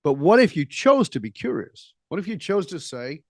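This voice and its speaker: A middle-aged man, a guest on an interview show, telling stories in an animated, conversational way, laughing easily and throwing in quick asides. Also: a little high, no room sound, clean studio sound. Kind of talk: conversational storytelling.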